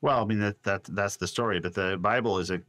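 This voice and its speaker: Podcast guest, male, low voice, dry close mic, animated storyteller who quotes voices. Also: fast talker, no echo. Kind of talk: storytelling in a casual interview.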